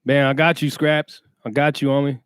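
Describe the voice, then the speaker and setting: A man's voice: mid-range voice, level tone, normal speed, clean tone, dry recording, studio quality. Streetwise man hosting a livestream. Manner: streetwise slang, reads chat names aloud. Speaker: livestream host. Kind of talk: casual livestream chat.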